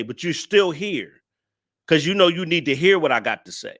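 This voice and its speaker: Ranting bright-voiced male reaction host. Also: a little high, very animated, moderate pace. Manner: blunt, ranting, profane, scolding viewers. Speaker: male content creator reacting to a video. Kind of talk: casual reaction commentary.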